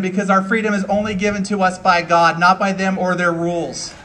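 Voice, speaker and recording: A man with a high voice gives an earnest, rousing political speech, hammering repeated phrases. He sounds set back from the mic at an outdoor rally. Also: steady tone, brisk, hardly any pauses, fairly bright tone, distant mic. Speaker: rally speaker.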